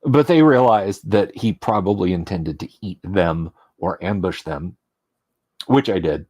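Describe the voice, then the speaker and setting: A man's voice: deep voice, a little slow, darkish tone, dry recording. A man hosting a casual livestream as game master, talking in a rambling, chatty and self-deprecating way, his voice tired from talking all day.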